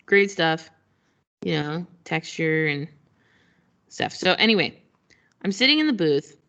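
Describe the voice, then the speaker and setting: A woman co-hosting a podcast in casual chat, telling a story in an animated way and laughing often. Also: on the low side, unhurried, muffled recording. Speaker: podcast co-host.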